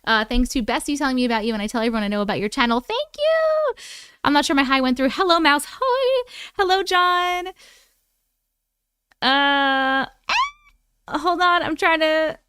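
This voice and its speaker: A woman's voice: high voice, animated, normal speed, pauses often, bright, forceful tone. A woman hosting a live stream, chatting casually and greeting viewers by name as she catches up on chat. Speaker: livestream host reading chat. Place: at home.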